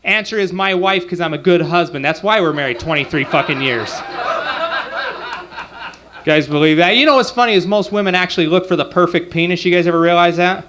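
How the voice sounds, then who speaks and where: A high-voiced comic in his forties talks fairly quickly, his tone fairly bright over a little hiss or hum. His club set is profane and crude, delivered conversationally with asides to the crowd.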